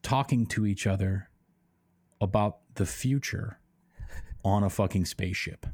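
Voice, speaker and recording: A man with a fairly low voice rants his way through a casual podcast chat, rambling and swearing freely as he mocks what he talks about. The sound is dry and close, with no room around it. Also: measured pace, a little mellow, dry recording. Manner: rambling, swears a lot, mocking. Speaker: podcast co-host.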